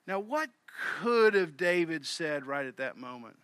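Bright-voiced preaching man. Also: fairly high pitch, a little slow, smooth, no room sound. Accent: Southern US. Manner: animated preaching, swings from loud to hushed. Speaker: pastor. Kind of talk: sermon.

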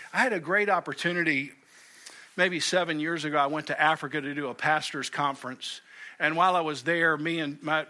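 Bright-voiced, emphatic preaching man. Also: on the high side. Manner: emphatic, repeats key phrases, drops to a hush for weight. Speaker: pastor. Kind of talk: sermon. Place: church sanctuary.

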